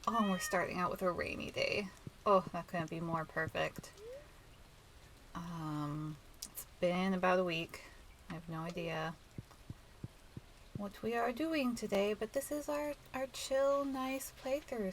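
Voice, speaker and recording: Nasal, stuffy woman with a gravelly voice. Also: on the low side, a little slow, pauses often, a little hiss or hum, poor audio. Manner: soft, rambling and chatty. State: stuffy nose. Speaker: let's play host. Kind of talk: relaxed gameplay commentary.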